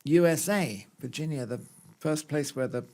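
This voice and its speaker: A man's voice: a little high, moderate pace, a little mellow. A man co-hosting a gardening podcast, chatting casually with jokes and stumbling restarts. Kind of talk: casual chat.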